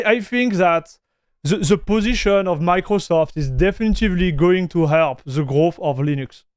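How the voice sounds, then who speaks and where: Male streamer, casual chat host; raised pitch, close dry mic. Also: dry recording. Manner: chatty, greets viewers, reads chat aloud; frequent restarts and fillers.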